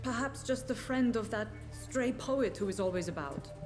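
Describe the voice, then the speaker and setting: A gentle, caring young nurse, voiced by a woman in a video game. Her high voice asks soft, concerned questions, with game music around her. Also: animated, moderate pace, close to an everyday voice.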